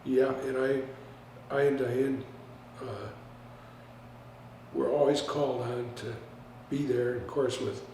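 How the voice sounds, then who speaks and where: An older man adding halting, hesitant remarks while reminiscing about family. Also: mid-range voice, little pitch movement, darkish tone. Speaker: interviewee. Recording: echoey room, distant mic, faint hiss.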